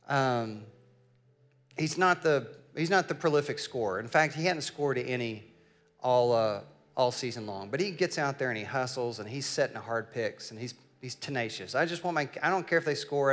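A middle-aged man preaching a sermon. He tells a family story and builds up to loud, emphatic declarations. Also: medium pitch. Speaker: pastor.

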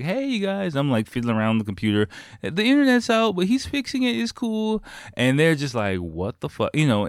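Man, low pitch, dry close-miked sound, candid storyteller, reflective and blunt. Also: smooth, no room sound. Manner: frank, reflective, casual swearing.

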